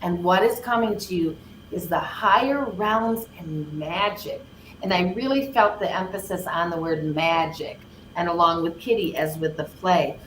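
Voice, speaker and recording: A woman's voice: on the low side, moderate pace. A gushing older woman reads cards casually and draws out her key words. Her voice rings in a roomy space, with a faint hiss behind it. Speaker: card reader co-host. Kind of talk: casual live card reading. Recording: roomy, faint background noise.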